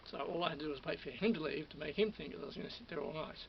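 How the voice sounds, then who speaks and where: A worked-up vlogger, still running on adrenaline, rambles through a personal story to camera in a slightly high, gravelly voice at a racing pace. He repeats himself, restarts often and quotes other people. It was captured on a camera or phone mic, giving dull lo-fi audio with faint hiss.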